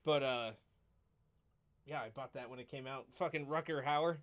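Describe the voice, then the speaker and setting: A man's voice: medium pitch, fairly even intonation, normal speed, a bit bright. A man co-hosting a podcast in casual chat, telling stories in an easygoing way and chuckling often. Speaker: podcast co-host.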